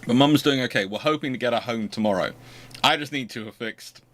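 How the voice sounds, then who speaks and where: A man's voice: mid-range voice, brisk, a bit bright, a little hiss or hum. A man hosting a livestream, chatting casually and rambling with frequent restarts. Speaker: host.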